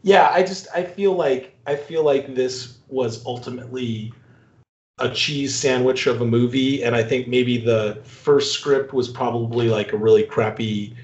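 A man's voice: medium pitch, fairly even intonation, a little slow. A man co-hosting a casual movie review chat, ranting profanely and laughing often. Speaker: podcast co-host. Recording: echoey, dull lo-fi room sound.

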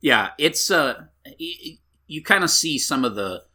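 A man co-hosting a movie podcast, chiming in with wry, self-deprecating asides in a husky voice. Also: fairly high pitch, expressive, measured pace, bright, forceful tone. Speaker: podcast co-host. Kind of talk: casual movie chat.

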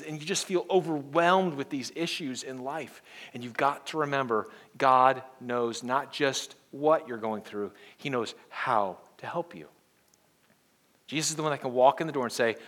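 A male pastor preaching with earnest conviction. He moves from quiet, close moments up to emphatic peaks, and he leads call-and-response with the crowd. His voice sits fairly high for a man. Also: normal speed. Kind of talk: sermon.

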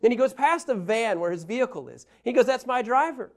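Guy preaching a bible lesson, pretty high voice, gets loud then drops way down, lively storyteller. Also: a little fast, creaky. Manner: animated storyteller, shifts between loud emphasis and quiet asides. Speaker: Bible teacher. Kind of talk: sermon-style Bible lesson.

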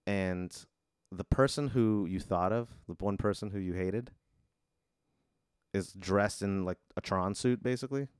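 A man with a low voice narrates an absurd hypothetical on a comedy podcast. His delivery is deadpan and laid-back. The recording is dry and close. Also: a little slow, clean tone, no room sound. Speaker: co-host posing a hypothetical. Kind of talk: improvised comedy storytelling.

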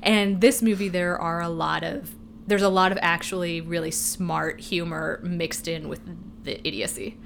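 A woman's voice: lowish voice, moderate pace, creaky, a bit bright, slight background noise. A woman co-hosting a podcast in casual chat, rambling and swearing freely, laughing as she goes. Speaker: podcast co-host.

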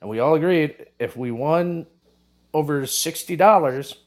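A man co-hosting a casual podcast, rambling through a story and prone to excited outbursts. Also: fairly high pitch, measured pace. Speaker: co-host.

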